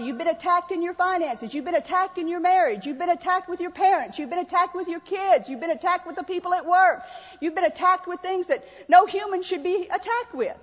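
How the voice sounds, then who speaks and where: A woman pastor delivers a folksy sermon, driving points home through repetition and little acted-out asides. Her voice sits high, and the sound is dull with a long hall reverb behind it.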